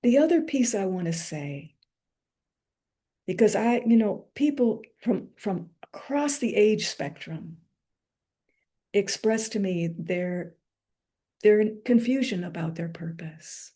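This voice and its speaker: A woman gives a reflective spiritual lecture in a warm, mellow voice. She speaks unhurriedly and meditatively, letting pauses and soft asides settle between her thoughts. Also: medium pitch, animated, breathy edge. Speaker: lecturer and author.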